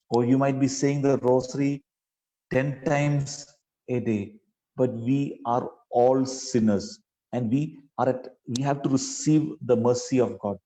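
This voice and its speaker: A man's voice: mid-range voice, dark tone, rough recording. A man preaching a sermon, speaking earnestly and pleadingly to his listeners and often adding "you know" mid-sentence.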